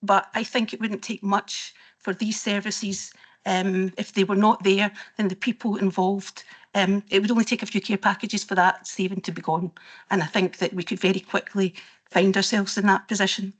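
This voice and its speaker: A Scottish woman on a council board, speaking earnestly at a meeting, halting and restarting, her voice wavering with emotion. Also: mid-range voice, level tone. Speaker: board member. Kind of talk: formal meeting speech.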